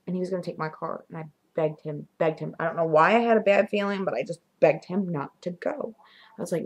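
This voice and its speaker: A young woman casually telling her own ghost stories to the camera in a vlog, animated, dropping to whispers at the spooky moments. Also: fairly low pitch, fast, slightly rough. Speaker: vlogger. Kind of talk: casual storytelling.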